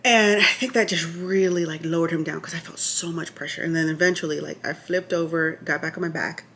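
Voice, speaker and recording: A woman vlogger telling the story of her labor in a chatty, animated way, full of asides and restarts, sometimes checking her notes. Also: sits low, brisk. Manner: reads from notes at times. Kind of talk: casual storytelling to camera.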